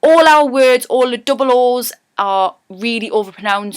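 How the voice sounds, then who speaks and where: A woman's voice: on the high side, steady tone, a little slow, smooth. A young woman with a Geordie accent, chatting casually as she teaches local words and how they are said, stretching the vowels to show them. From North East England. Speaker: vlogger teaching her accent.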